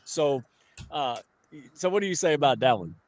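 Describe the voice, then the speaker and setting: A man's voice: fairly high pitch, sing-song, normal speed, darkish tone, no room sound. A man in his forties hosting a live stream, playful and teasing in casual chat. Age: 40s.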